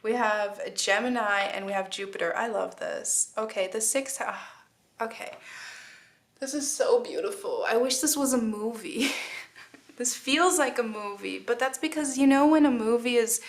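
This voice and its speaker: A woman's voice: on the high side, normal speed. Emotional woman giving a tarot reading. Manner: earnest, emotional, many fillers and restarts. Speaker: tarot reader. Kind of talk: casual spoken tarot reading.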